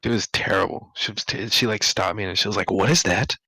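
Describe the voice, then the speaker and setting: A young man with a fairly low voice tells his school stories in a loose, rambling way, stacking up "like" and laughing as he goes. The sound is dry and close, with no room in it. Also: steady tone, fast talker, pushed and bright, no room sound, low-quality recording. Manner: rambling, laughing, full of "like" fillers. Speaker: podcast co-host. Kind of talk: casual storytelling chat.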